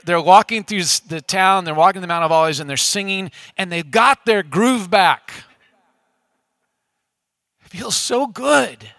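Bright, conversational male pastor. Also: a little high, no echo, studio quality. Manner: conversational, engages the audience with questions. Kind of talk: casual sermon. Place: church room with an audience.

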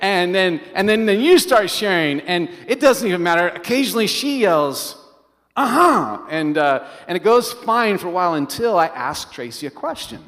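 A middle-aged man, a pastor, preaching a sermon as an animated storyteller who keeps asking the congregation questions. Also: high-pitched, normal speed, few pauses. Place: large church hall. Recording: long reverb of a large hall.

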